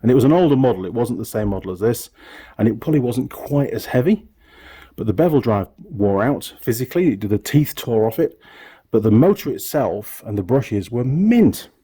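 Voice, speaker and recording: A man's voice: medium pitch, lively intonation, normal speed, mellow, breathy edge. A middle-aged man from the UK, chatting casually as he shows his tools in his home workshop, rambling and correcting himself. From United Kingdom. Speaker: workshop YouTuber, mechanic. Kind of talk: casual tool tour talk.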